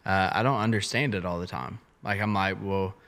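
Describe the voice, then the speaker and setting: A man's voice: low-pitched, brisk, a bit bright, clear, resonant tone. A young man in church ministry, talking earnestly and casually about faith, with many hesitant fillers. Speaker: church ministry podcast co-host.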